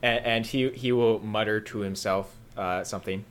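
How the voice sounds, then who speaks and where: A man playing a tabletop game, telling what his character does. He speaks haltingly and stumbles over his starts. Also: fairly low pitch, fairly even intonation, clean tone. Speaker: player. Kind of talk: casual tabletop game talk.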